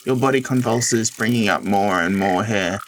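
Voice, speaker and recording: A man streaming a visual novel, reading it aloud dramatically with excited outbursts. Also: fairly low pitch, normal speed, a little hiss or hum. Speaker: game streamer. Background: game music.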